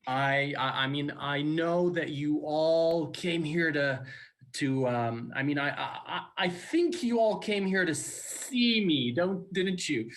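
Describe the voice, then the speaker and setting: A man addressing fans in a promotional video, rambling and excitable, stumbling over fillers and restarts. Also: on the high side, takes it slowly. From Canada. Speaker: restaurant founder in a played video.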